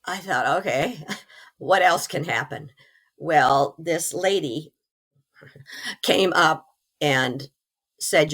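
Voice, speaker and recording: This middle-aged woman, recovering from pneumonia and hoarse because of it, tells a personal story as an interview guest. She is earnest and animated yet speaks extremely slowly in a low voice, pausing often.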